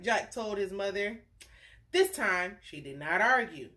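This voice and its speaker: A woman's voice: fairly low pitch, unhurried, fairly bright tone. A woman reading a bedtime story aloud, chatting playfully with young listeners between the lines. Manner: playful character voices for the story's figures.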